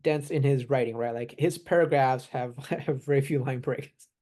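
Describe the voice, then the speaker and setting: A man in casual chat, relaxed, explaining technical points with examples and small laughs. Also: mid-range voice, moderate pace. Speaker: AI expert guest.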